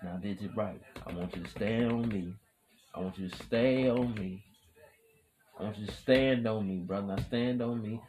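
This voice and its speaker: A man hosting his own podcast in a rambling, profane hype monologue, repeating chants and swinging from loud shouting to low mutters. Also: normal speed, a little hiss or hum. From Wisconsin. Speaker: podcast host.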